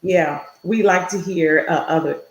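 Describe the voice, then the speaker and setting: A woman's voice: on the low side, a little slow, muffled recording. Woman co-host in an echoey room. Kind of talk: casual chat. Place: home office. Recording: roomy echo.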